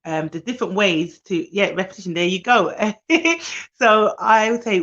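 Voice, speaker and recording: Tired, fast-talking woman nanny on a live stream. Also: medium pitch, expressive, fairly bright tone, lo-fi sound. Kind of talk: live-streamed advice talk.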